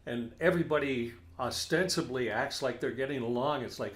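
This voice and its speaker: A man co-hosting a casual talk podcast, musing about his work and trading friendly banter. His voice is mid-pitched and picks up an echo from the room. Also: brisk, crowd noise. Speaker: podcast co-host. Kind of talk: casual chat.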